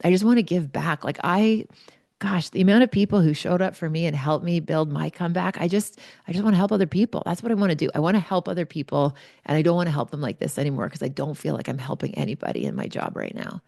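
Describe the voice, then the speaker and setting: A woman's voice: sits low, lively intonation, fast, creaky, darkish tone, dry recording, studio quality. A woman in her forties, a podcast host, candidly telling a personal story in a chatty way with lots of fillers.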